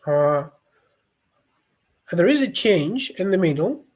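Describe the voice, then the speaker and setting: Male lecturer, slow and halting, slightly raised pitch, teaching over a video call. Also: very animated, darkish tone, slightly rough. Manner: halting, many fillers and restarts, non-native phrasing. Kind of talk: online lecture with screen demo.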